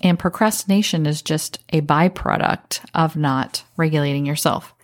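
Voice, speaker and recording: A woman hosting a podcast, giving calm self-help advice and acting out short example phrases. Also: sits low, normal speed, no echo, studio quality. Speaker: podcast host.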